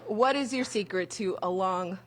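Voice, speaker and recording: A woman reporting live for a morning show, bubbly and excitable, laughing often as she interviews. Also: medium pitch, moderate pace, background noise.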